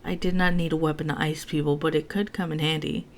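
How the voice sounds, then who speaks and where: A woman's voice: deep voice, flat delivery, fast talker, slight background noise. A woman reviewing a book, reading passages aloud with casual, self-mocking asides.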